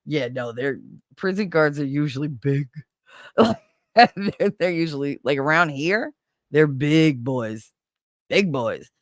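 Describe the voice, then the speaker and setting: Woman streamer host, casual animated storyteller, lowish voice, dry sound. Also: measured pace, no room sound. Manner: animated storytelling, laughs often. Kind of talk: casual chat.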